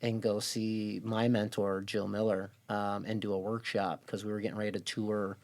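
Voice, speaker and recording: A man with a low, gravelly voice tells a personal story as a podcast guest. He speaks earnestly and often drops to a hush. He livens up when he quotes other people. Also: level tone, moderate pace. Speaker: podcast guest, gym owner.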